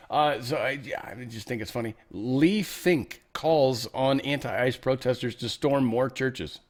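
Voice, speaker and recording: A man's voice: medium pitch, a little slow, few pauses. A man hosting an online commentary show, rambling and joking as he reacts to news clips, trailing off and laughing at himself. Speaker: show host.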